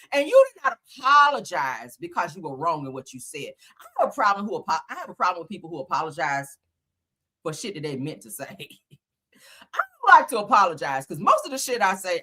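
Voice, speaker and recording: A woman livestream host talks bluntly and profanely, laughing often as she goes. Her voice is bright and sharp, and her pitch swings widely. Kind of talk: casual livestream commentary.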